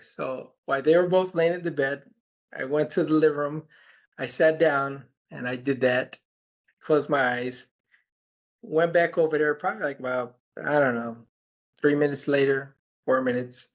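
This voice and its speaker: A man with a somewhat high voice is a guest in an interview. He tells his story in a loose, rambling way. He keeps slipping into the voices of the people in it as he quotes them. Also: fairly even intonation, moderate pace. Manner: rambling anecdotes, quoting conversations with "I'm like". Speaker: healer and podcast guest.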